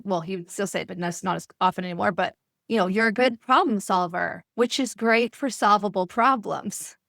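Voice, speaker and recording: A woman's voice: medium pitch, a bit bright, dry recording, clean studio sound. A woman hosting a podcast interview, thinking aloud in a rambling, self-correcting way. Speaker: podcast host.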